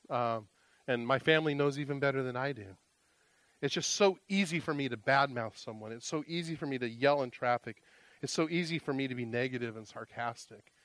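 A man preaching a sermon as pastor, earnest and emotional, rising to loud exclamations and dropping to hushed, confessional tones. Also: fairly high pitch, no echo.

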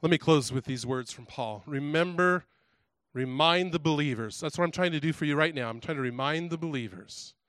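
Guy preaching a sermon, kinda high voice, talks to the crowd w lots of questions and restarts, dry sound. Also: a little fast, fairly bright tone, no room sound. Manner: conversational preaching with repeated restarts and direct questions. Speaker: pastor.

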